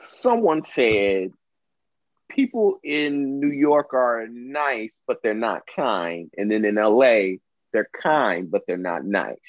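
A man telling stories in casual chat, his pitch jumping around as he acts out the people he quotes. He swears freely and laughs often. The sound is dry and a bit dull. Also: big pitch swings, takes it slowly, dry recording. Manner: storytelling, acts out quotes, profane, laughs a lot.

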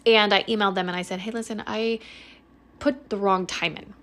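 A young woman hosting her own podcast, telling a rambling personal story in a casual, animated way and swearing freely. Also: mid-range voice, brisk. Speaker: podcast host.

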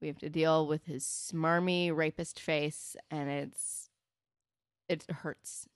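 A woman co-hosting a casual podcast, recapping a TV episode and acting out the characters' lines in quick asides. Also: low voice, fairly even intonation, clear, resonant tone, no room sound, studio quality. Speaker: podcast co-host.

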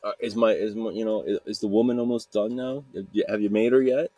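A man voicing a lonely, pushy male monster who pleads in a halting, wheedling way. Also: fairly low pitch, fairly even intonation, mellow, no room sound, natural voice. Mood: eager. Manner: wheedling, halting, casual retelling.

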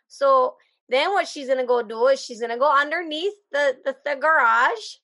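A woman with a high voice in a relaxed conversation. She talks in a playful, joking way. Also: normal speed, few pauses. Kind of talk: casual chat.

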